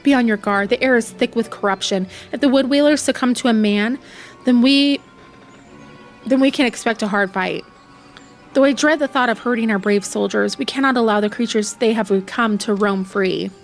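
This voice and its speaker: A woman's voice: on the high side, normal speed, soft background music, lightly acted. A woman reading as a solemn fantasy commander. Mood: grave. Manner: formal, grave read-aloud delivery.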